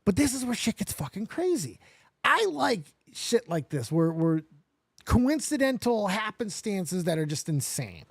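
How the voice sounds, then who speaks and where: Lively, high-voiced storytelling man. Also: a little slow, breathy edge, dry recording, studio quality. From Las Vegas, USA. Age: 40s. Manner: animated, swears often, acts out both sides of dialogue. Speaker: livestream host. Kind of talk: casual storytelling.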